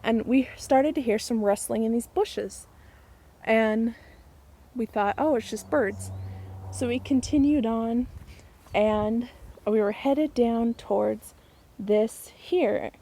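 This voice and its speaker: A woman's voice: a little high, slow, long pauses, dark tone, low-quality recording. A woman vlogger casually telling a funny story to the camera, outdoors in her garden, chatty and laughing as she goes.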